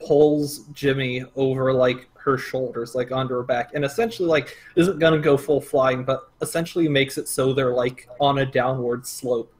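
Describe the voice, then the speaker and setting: A man's voice: mid-range voice, fairly even intonation, normal speed, few pauses. A man playing a tabletop game, describing his character's actions hesitantly, with many fillers. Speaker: player. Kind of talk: casual tabletop play.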